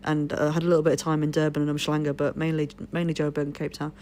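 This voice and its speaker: Lower-voiced woman with posh English accent. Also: flat delivery, quick pace, a little mellow. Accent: posh southern English. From Leeds, England. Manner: rambling, swearing storyteller. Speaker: streamer. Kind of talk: casual chat.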